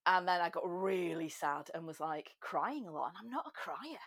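A woman chatting as a podcast guest, self-mocking and quick to laugh. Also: lowish voice, expressive, a bit bright, breathy edge, dry recording, studio quality. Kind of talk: casual chat.

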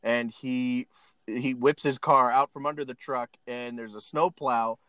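A man recaps a film scene by scene, giggling as he goes. His voice sits at an ordinary middle pitch. The sound is close and dry. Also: steady tone, measured pace, a bit bright, no echo. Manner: laughs often while retelling scenes. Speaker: podcast host. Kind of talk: casual chat, recapping a film.

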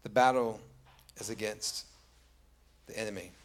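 Storytelling pastor preaching a sermon. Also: male voice, mid-range voice, brisk, a bit bright. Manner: conversational storytelling, rising to emphatic repetition.

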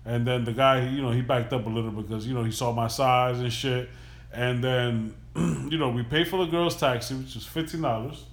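A man's voice: mid-range voice, normal speed. A man casually telling a long story on a podcast, loose and profane, acting out the people in it. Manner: loose, profane, animated retelling. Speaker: podcast host. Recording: echoey room.

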